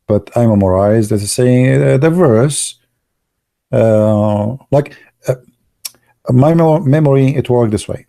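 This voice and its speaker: A man from the Arab world, whose first language is Arabic, tells stories casually in broken English with a gravelly, mid-range voice. He's excitable and laughs at his own jokes throughout the monologue.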